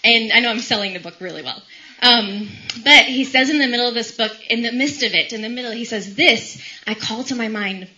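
Woman in her thirties, emotional faith talk, crisp bright tone, slightly higher voice, lo-fi dull recording. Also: fast. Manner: emotional, laughing and tearful, many fillers. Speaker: doctor giving a faith talk to medical trainees. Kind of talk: faith talk with scripture reading and personal story.

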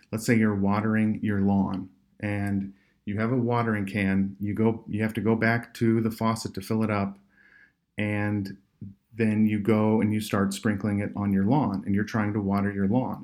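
A man giving an earnest conference talk as a medical missionary, halting and full of fillers and restarts. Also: on the low side, a little mellow. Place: remote online session.

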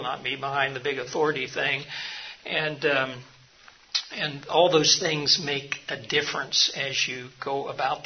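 A middle-aged man gives an earnest, story-filled seminar talk in a slightly high, gravelly voice, with plenty of ums and uhs. The recording is dull and lo-fi. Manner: earnest, anecdotal, speaks with frequent fillers. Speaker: mission hospital leader teaching a session.

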